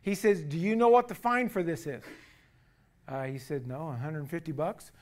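A man's voice: a little high, normal speed. A man preaching a sermon, reading scripture with emphasis and retelling a story with many fillers. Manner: frequent fillers, swings from loud emphasis to quiet asides. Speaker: pastor.

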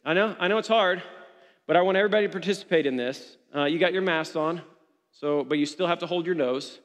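A man preaching a sermon to his congregation, passionate and building to shouted refrains. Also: on the high side, quick pace. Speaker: pastor. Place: church hall. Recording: long hall reverb.

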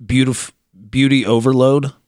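A man's voice: mid-range voice, level tone, measured pace, a little mellow, dry recording, clean studio sound. A man co-hosting a podcast, telling a story in a rambling, filler-heavy way. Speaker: podcast co-host. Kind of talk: casual chat.

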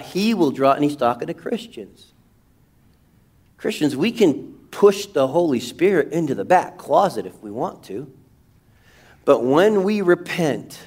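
A man preaching a sermon as pastor, animated, asking rhetorical questions and shouting quoted lines for emphasis. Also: a little high. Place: church sanctuary.

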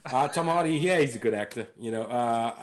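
Speaking a little fast in a mid-range voice, a stand-up comic chats as a podcast guest. He spins lively stories and plays out other people's voices through impressions.

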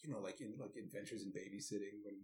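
A podcast co-host with a lowish, dark-toned voice talks fast as he casually recaps a movie with his fellow host, wry and amused and full of asides. The recording has a roomy, echoey sound.

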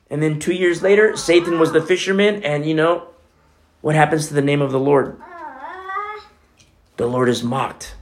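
A man's voice: medium pitch, normal speed, vocal fry. Emphatic male preacher asking rhetorical questions. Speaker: pastor. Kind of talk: sermon.

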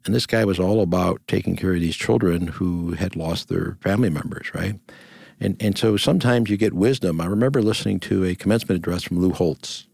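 A man's voice: sits low, brisk, vocal fry, darkish tone, slightly rough, no room sound. An older man, a grandfather, telling stories earnestly as an interview guest in a reflective conversation. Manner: storytelling, earnest, repeats phrases in lists.

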